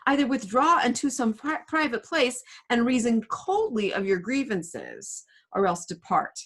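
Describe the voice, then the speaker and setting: A woman's voice: fairly high pitch, sing-song, measured pace, fairly bright tone, voice pushed up, heavily acted. A woman reading the part of Benvolio, a cautious young man who wants to avoid a fight. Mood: earnest. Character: peace-seeking cautious young male Benvolio. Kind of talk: casual read-aloud of a play.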